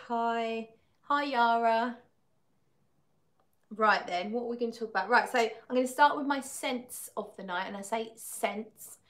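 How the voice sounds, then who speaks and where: A woman's voice: mid-range voice, a bit bright. A woman chats casually on a livestream, laughing often and reading viewers' comments aloud. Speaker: fragrance livestream host.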